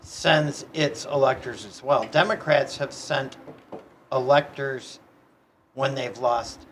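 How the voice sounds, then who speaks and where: A male co-host on a political talk show who explains his points in a measured way. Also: mid-range voice, fairly bright tone, slight background noise.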